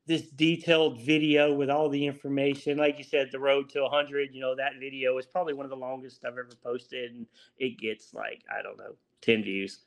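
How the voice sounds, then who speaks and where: Forties man, Louisiana accent, easygoing self-mocking guest, mid-pitched voice. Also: little pitch movement, a little fast, vocal fry, hardly any pauses. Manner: laid-back, chuckling, self-deprecating. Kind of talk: casual interview chat.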